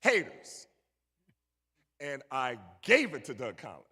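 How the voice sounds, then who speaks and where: Very animated, with a fairly high pitch and fairly bright tone, a middle-aged guest speaker tells a young audience a story at a moderate pace and banters with them. He speaks in a large church hall, and the recording is echoey.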